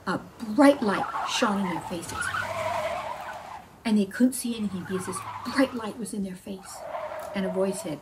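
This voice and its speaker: A woman telling a children's Bible story aloud, asking her listeners questions and acting out the characters' shouts. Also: fairly high pitch, lively intonation, normal speed, a little hiss or hum, rough recording.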